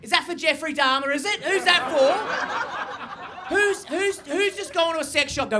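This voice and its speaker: A young man doing a high-energy stand-up comedy set, swearing freely and acting out the people in his stories. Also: normal speed, noisy background. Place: comedy stage before a live audience.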